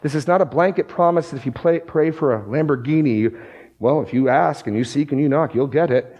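A man's voice: fairly high pitch, a little fast, darkish tone, slightly rough, rough recording. A man preaching a sermon, working through scripture passages and rising to emphatic bursts on key words. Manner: quotes scripture aloud, reads verses with emphasis. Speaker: pastor.

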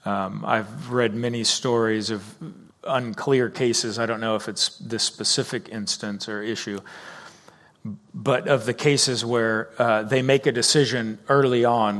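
Measured man answering questions carefully. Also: lowish voice, steady tone, fairly bright tone. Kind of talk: church Q&A discussion.

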